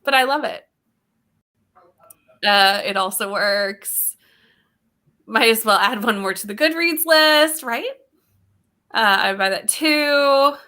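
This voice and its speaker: A woman's voice: a little high, takes it slowly, long pauses, bright, forceful tone. A woman co-hosting a live reading stream, chatting casually and laughing often as she acts out what friends said. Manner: chatty and giggly, acts out quotes. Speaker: co-host of a livestream reading sprint. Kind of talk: casual chat.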